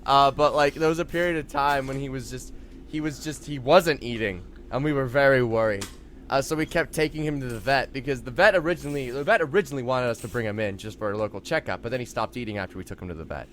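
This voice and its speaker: A man's voice: mid-range voice, fast talker, fairly bright tone, slight background noise. A man from Canada co-hosting a podcast, joking and rambling with many restarts in casual chat. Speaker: podcast co-host.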